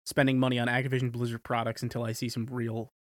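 A man co-hosting a casual gaming podcast, earnest and quick to agree. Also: medium pitch, flat delivery, no room sound, clean studio sound. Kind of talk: casual chat.

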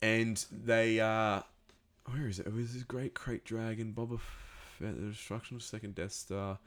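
Rambling, lower-voiced man recapping a show. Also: normal speed. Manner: rambling, animated, with many restarts and sound effects. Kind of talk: casual spoken recap.

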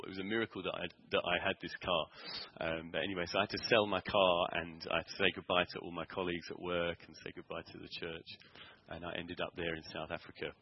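A man preaching in church, telling a personal story earnestly with frequent pauses, ums and restarts. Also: low voice, highs cut off, slight background noise. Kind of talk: sermon testimony.

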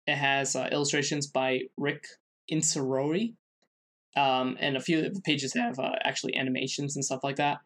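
A man co-hosting a podcast, presenting a researched segment in casual chat, halting with many fillers and restarts. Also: mid-range voice, steady tone, fairly bright tone. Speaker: podcast co-host.

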